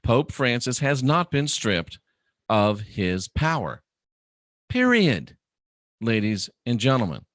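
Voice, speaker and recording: A man hosting his own show, ranting emphatically, swinging from a low drawl to loud indignant peaks. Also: lively intonation, a little slow, dry recording, studio quality. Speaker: host. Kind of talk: ranting monologue.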